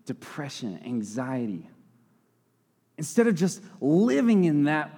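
A man's voice: a little high, very animated, slow, pauses often, dark tone, husky. Young guy preaching, chatty and joking, fixes his words a lot, big echoey church hall. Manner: conversational, self-correcting, with playful asides. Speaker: lay preacher. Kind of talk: sermon. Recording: long hall reverb.

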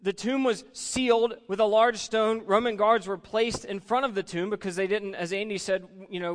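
High-voiced pastor in an echoing hall. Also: male voice, steady tone, normal speed, hardly any pauses. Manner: conversational, repeats words while searching for phrasing. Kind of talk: sermon. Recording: long hall reverb.

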